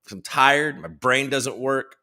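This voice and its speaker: A medium-pitched male voice, expressive and a little slow, sounding pushed and bright. He hosts a casual livestream, rambling and joking with plenty of swearing, teasing viewers and reading news headlines aloud in profane, self-mocking banter.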